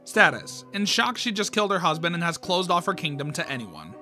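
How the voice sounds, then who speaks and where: A man's voice: a little high, sing-song, brisk, bright, forceful tone, soft background music. A man reading a fan horror comic aloud, reacting with surprise and swearing. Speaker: comic reader.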